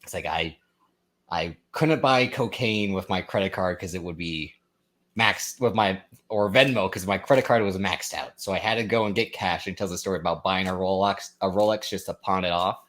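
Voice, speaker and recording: A man's voice: low-pitched, normal speed, fairly bright tone. A man co-hosting a podcast, chatting casually and retelling comedy bits with lots of filler words. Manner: rambling, retells stand-up bits with many likes and ums. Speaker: podcast co-host. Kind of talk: casual chat.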